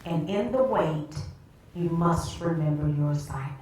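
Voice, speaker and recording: Low-voiced woman preaching in an echoey church. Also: expressive, a little slow, a little mellow, far from the mic. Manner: storytelling that builds to fervent preaching. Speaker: minister. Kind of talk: sermon. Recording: very echoey church heard from afar.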